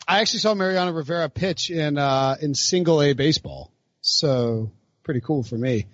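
High-voiced joking sports podcast man. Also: moderate pace, dry recording. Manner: jokey, animated, slips into silly voices. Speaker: podcast co-host. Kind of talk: casual sports banter. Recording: dull, lo-fi, dry studio sound.

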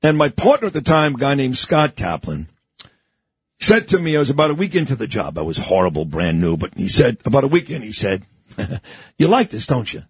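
A middle-aged male radio host with a husky, fairly high voice whose pitch moves up and down a lot. He's chatty and conversational and steers his guest with easy questions. The studio sound is dry and close. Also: sing-song, a little fast, no echo. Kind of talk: casual studio interview.

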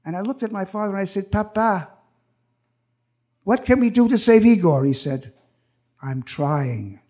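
Older man, live stage storytelling, high-pitched voice, animated, acts out voices. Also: unhurried.

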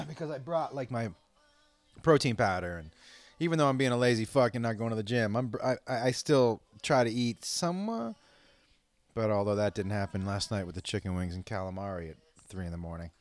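A man telling a rambling, profane story to his listeners in a casual way, with sudden loud outbursts. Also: lowish voice, animated, a little fast, no echo.

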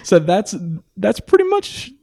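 A man with a slightly high voice co-hosts a podcast in easy, casual chat. He tells stories in an animated way and slips into quick voice impressions as he talks. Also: creaky. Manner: animated storyteller, retells scenes with quick voice impressions. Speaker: podcast co-host.

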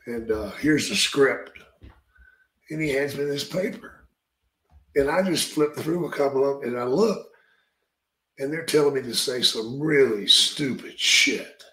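A man's voice: medium pitch, normal speed, bright, forceful tone. Guy drawling out a salty story, cussing a lot, echoey room. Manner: drawling, profane, uses "brother" and "man". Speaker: podcast host and retired wrestler telling stories. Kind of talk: casual storytelling.

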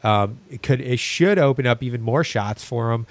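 A man's voice: medium pitch, moderate pace, no room sound. Analytical male sports co-host. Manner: hesitant restarts, then analytical. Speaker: podcast co-host. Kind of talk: casual fantasy sports chat.

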